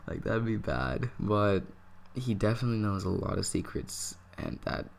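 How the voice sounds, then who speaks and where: A man's voice: fairly low pitch, expressive, normal speed, creaky. A young man telling a personal story in a casual, rambling vlog style, swearing freely and filling nearly every phrase with "like.". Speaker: vlogger.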